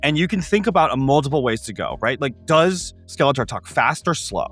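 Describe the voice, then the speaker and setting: Lively man explaining tabletop character voices. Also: medium pitch, soft background music. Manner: animated, explaining with quick asides. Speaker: host of a tabletop gaming show. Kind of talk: casual explanatory chat.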